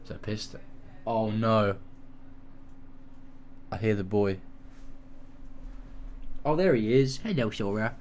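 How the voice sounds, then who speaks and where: A man's voice: lowish voice, drawn-out words, long pauses, a little mellow. A young man chatting casually on a stream at home, swearing a lot and cooing at his dog. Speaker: gaming stream co-host. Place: home room.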